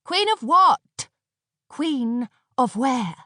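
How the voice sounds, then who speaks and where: A woman voicing a proud, scornful young former queen who talks in a shrill, snappish way, in an audiobook. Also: sing-song, drawn-out words, pushed and bright, dry recording, studio quality, exaggerated voice. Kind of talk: audiobook character voice.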